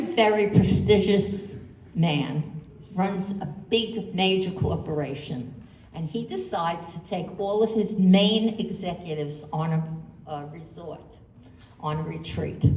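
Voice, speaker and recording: A woman's voice: fairly low pitch, a little mellow, a little hiss or hum. Distant woman telling jokes in an echoey room. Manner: punchy storytelling, voices raised for punchlines. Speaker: stand-up comedian. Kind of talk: stand-up joke telling.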